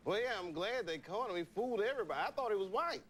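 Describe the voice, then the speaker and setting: A man's voice: high-pitched, animated, fast talker, fairly bright tone, slight background noise. A young adult man, a comedian, telling loose anecdotes on a talk show and laughing at his own jokes. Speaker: comedian guest.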